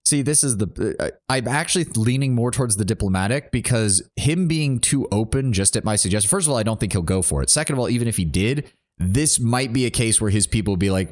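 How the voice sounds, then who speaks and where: A man's voice: fairly low pitch, lively intonation, fast, hardly any pauses. A man streaming a role-playing game, chatting casually and reading game dialogue aloud.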